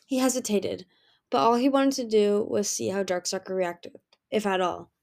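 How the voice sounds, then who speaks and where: A woman narrating a fantasy novel as an audiobook, steady storytelling with occasional restarts. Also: mid-range voice, normal speed, gravelly.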